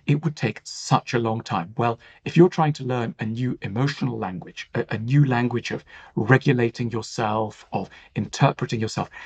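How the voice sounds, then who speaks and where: A man's voice: mid-range voice, vocal fry, husky, lo-fi sound. A man talking as a podcast guest, explaining ideas in a thoughtful, reflective way with many "you know" fillers. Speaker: author and guest.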